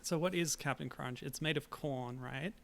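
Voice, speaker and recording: A man, co-hosting a podcast in casual chat, chatty and quick to laugh. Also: medium pitch, gravelly. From Australia. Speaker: podcast co-host.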